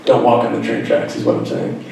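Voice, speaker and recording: A man's voice: medium pitch, huge pitch swings, fairly quick, gravelly, mellow, far from the mic, a little hiss or hum. Man speaking in a very echoey hall. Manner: earnest, reflective, self-deprecating humor. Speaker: author giving a school talk. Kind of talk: personal storytelling speech. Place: school auditorium.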